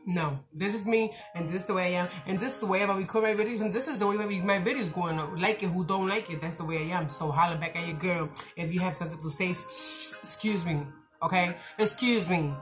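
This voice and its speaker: Woman vlogger, casual rambling chat, slangy and animated, faint music behind. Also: on the low side, quick pace, few pauses. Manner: rambling, talkative, animated and excitable; slangy, direct, says "y'all" and "your girl".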